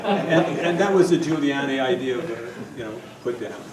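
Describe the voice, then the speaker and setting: A man's voice: medium pitch, normal speed, crowd noise. Older man lecturing in an echoey room. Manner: lively, rambling, with many restarts. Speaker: radio host giving a talk. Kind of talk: public talk to a live audience. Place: meeting room with audience. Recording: echoey room from far off, faint noise.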